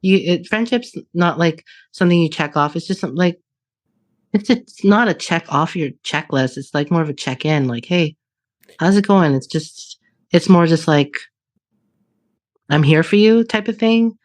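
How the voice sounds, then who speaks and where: A woman in her late thirties in relaxed podcast conversation. She speaks candidly, cursing freely and laughing through her thoughts, with an animated, open manner. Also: lowish voice, moderate pace. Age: 30s. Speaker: podcast co-host. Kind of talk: casual conversation.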